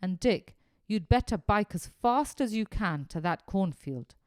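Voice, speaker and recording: A man's voice: high voice, animated, unhurried, darkish tone, no room sound, studio quality. Woman doing a sensible teenage leader. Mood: serious. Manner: firm and practical.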